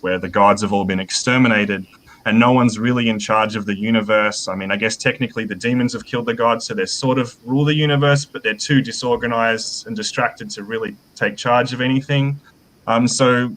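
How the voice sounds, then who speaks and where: A man with a fairly low voice talks through his ideas in a relaxed, rambling way, leaning on plenty of ums and sos. A faint hiss of noise sits under his voice. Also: poor audio. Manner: thoughtful, rambling with many fillers. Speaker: author guest. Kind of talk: casual interview chat.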